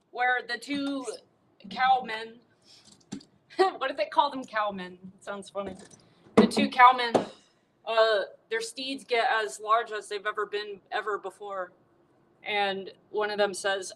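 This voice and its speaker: A woman's voice: a little high, a bit bright, rough recording. A woman hosting a casual livestream, telling a bawdy comic story with chatty asides to her viewers. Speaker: livestream host.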